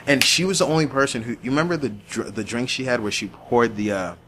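A man, chatting casually with a friend and telling animated stories full of restarts and casual swearing. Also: mid-range voice, fast, a little hiss or hum. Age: 20s. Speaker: podcast host.

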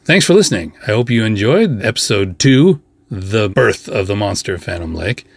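A man with a lowish, husky voice talks through a story in a loose, rambling way, full of asides and fillers. The sound is dry and close, with no room around it. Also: animated, no echo. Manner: chatty, rambling, with frequent fillers and quick asides. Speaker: podcast host. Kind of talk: casual storytelling monologue.

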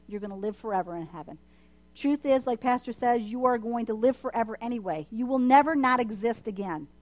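A woman delivers a church sermon with a fairly high voice. She preaches with passion, hammering her points home through emphatic repetition. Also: a little mellow. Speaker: church speaker. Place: church service.

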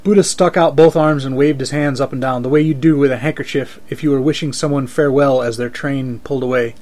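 A man reading first-person fiction aloud in a steady, dry storytelling manner. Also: mid-range voice, fast talker.

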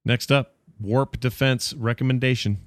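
A man hosting a podcast, chatting casually in a joking, rambling way with quick asides. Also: mid-range voice, fairly even intonation, no room sound, clean studio sound. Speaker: podcast host. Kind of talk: casual chat.

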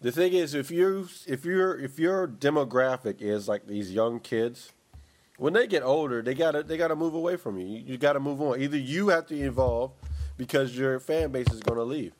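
A man's voice: medium pitch, normal speed. A man in casual chat, talking in a rambling, opinionated way with many restarts.

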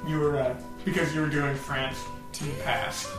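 A young man with a fairly high voice jokes his way through a loose podcast chat, swearing freely and breaking into laughter. The room rings with echo, and music plays clearly behind him. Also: fairly even intonation. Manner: joking, swearing, quick laughs. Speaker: podcast co-host. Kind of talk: casual chat.

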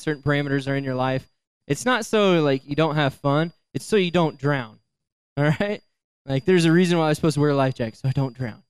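A young man giving a storytelling sermon, lively, acting out voices and laughing as he goes. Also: a little high, clean tone. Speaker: youth speaker.

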